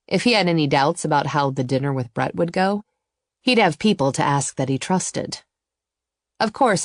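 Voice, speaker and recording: A woman narrating a first-person romance audiobook in an even, intimate storytelling manner. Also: low voice, no echo, studio quality.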